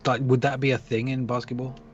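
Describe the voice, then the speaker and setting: A man's voice: medium pitch, little pitch movement, a little fast, dull audio, a little hiss or hum. A man in casual sports chat, ranting with exasperation and mock quotes.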